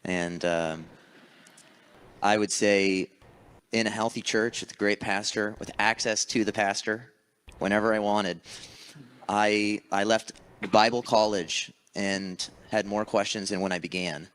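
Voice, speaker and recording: A man giving a measured, reflective personal testimony. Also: lowish voice, steady tone, a bit bright, smooth.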